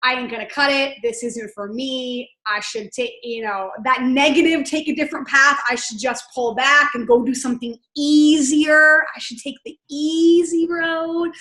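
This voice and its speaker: A woman's voice: high voice, fairly bright tone, roomy sound. A woman hosting a podcast interview, asking rambling questions that she keeps rephrasing. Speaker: podcast host.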